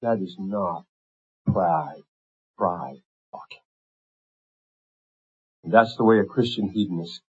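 A man preaching a sermon with impassioned intensity, swinging from fervent, rising pleas to hushed, quiet emphasis. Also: low-pitched, slow, long pauses, slightly rough, dull audio.

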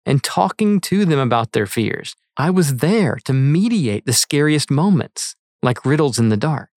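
A middle-aged man reading his own essay aloud in an earnest, measured way. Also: on the high side, no echo, clean studio sound. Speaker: author reading his article. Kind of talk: read-aloud essay narration.

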